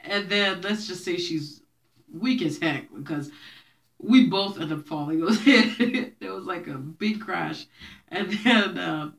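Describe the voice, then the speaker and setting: A young vlogger from a Haitian family, raised in Brooklyn with Haitian Creole as her first language, tells childhood stories to her viewers, chatty and laughing often. Her fairly low voice is slow, creaky and a bit bright.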